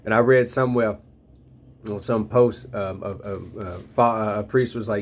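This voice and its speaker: A man's voice: lowish voice, fairly even intonation, unhurried. A man in his thirties reflecting on faith in a loose, slangy, rambling way, talking straight to his listeners. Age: 30s. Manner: addresses listeners directly. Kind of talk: casual spoken reflection on faith.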